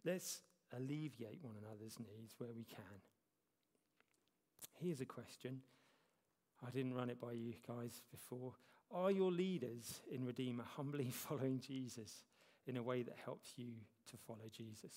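This man, a church elder, delivers his sermon in a mid-range, slightly mellow voice. He talks conversationally and pokes fun at himself, and the church hall gives the recording a long reverb.

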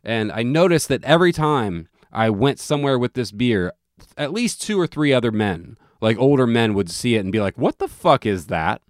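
A man's voice: mid-range voice, animated, normal speed, dry recording. A man tells a loose, profane travel story, backing up and restarting his sentences as he goes. His voice sits in the middle range. The sound is dry and close, with no room in it. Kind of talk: casual chat.

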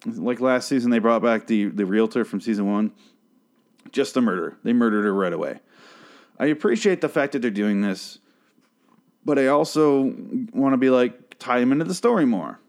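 A man's voice: medium pitch, lively intonation, normal speed, darkish tone. A man casually recapping a TV episode, rambling and sarcastic, swearing often. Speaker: show recap host.

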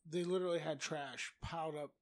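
Guy swearing his way thru a story on a podcast, voice a bit high. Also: a little fast. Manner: profane, animated storyteller. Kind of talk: casual storytelling chat.

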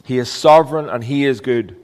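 A man's voice: mid-range voice, fairly quick, a little mellow, in a large hall. A man preaching a sermon as a pastor, earnest and emphatic, with rhetorical questions.

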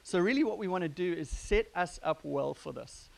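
A pastor giving a sermon in a relaxed, conversational way, joking with his congregation. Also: sits high, normal speed, creaky. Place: church gathering.

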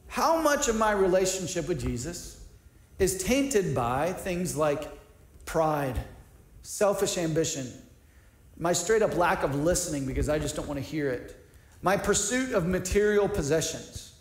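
Earnest high-voiced preacher in echoey room. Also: male voice. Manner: earnest, conversational preaching with frequent restarts and rhetorical questions. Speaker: pastor. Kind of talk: sermon.

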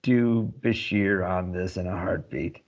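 A man co-hosting a casual chat, unhurried and informative. His voice sits a little low, and the recording sounds dull and lo-fi. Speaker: podcast co-host. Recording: dull lo-fi audio.

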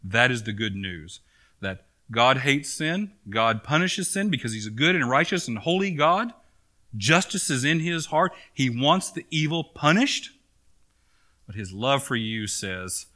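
Pastor guy preaching, bright forceful voice, goes soft then punches it up, earnest. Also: mid-range voice, expressive, moderate pace. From United States. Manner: earnest preaching, drops softly then rises emphatically. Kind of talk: sermon. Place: church sanctuary.

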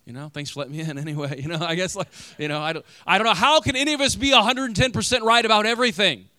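A young male pastor giving a casual, animated sermon full of "you know" and "like", growing loud in stories and going quiet and slow in prayer. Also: sits high, clean tone, dry recording. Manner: animated storytelling, rising loud when acting out arguments; drops soft and slow in prayer.

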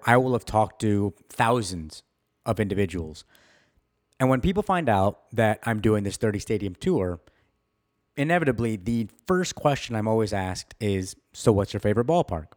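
Enthusiastic, low-voiced male podcast host. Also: darkish tone. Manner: enthusiastic, self-deprecating, laughs often. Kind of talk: solo podcast monologue.

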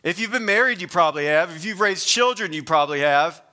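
Bright-voiced man preaching conversationally. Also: high voice, lively intonation, fast. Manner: conversational preaching with frequent restarts and rising emphasis. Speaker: pastor. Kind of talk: sermon.

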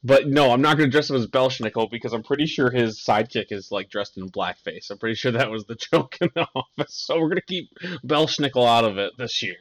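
A young man hosts a casual podcast chat, rambling through jokes and breaking into laughter mid-sentence. His voice sits at an ordinary middle pitch for a man. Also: animated, a little fast. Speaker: podcast host.

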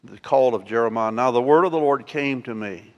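A man preaching a sermon as pastor, acting out scripture with lively emotion and addressing the congregation. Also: mid-range voice, a little fast, lo-fi sound. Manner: animated, acts out scripture with rising emotion. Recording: long church reverb.

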